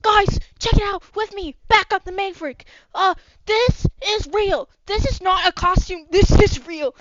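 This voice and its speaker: A woman voicing an excitable young man who films everything on his phone and talks in loud, breathless hype. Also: very high-pitched, unhurried, no room sound, highs cut off, pitched above the performer's own voice. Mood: hyped.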